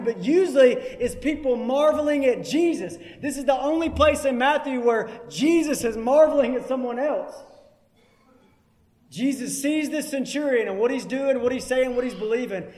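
A man preaches with emphasis, driving his points home by repeating them. His voice sits very high for a man. It rings out with a long reverb, as in a large hall. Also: lively intonation, normal speed, a little mellow. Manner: emphatic, repeats key phrases. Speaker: pastor. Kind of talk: sermon.

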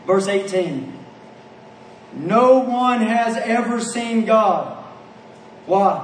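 A man's voice: high-pitched, expressive, slow pace, pauses often, echoey room, distant mic, a little hiss or hum, rough recording. A man preaching a sermon with passion, asking rhetorical questions and repeating phrases for emphasis.

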